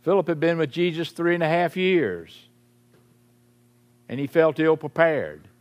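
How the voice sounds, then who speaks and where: A man preaching a sermon in a slow, emphatic way, sinking his voice low on key phrases. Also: lively intonation. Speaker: pastor.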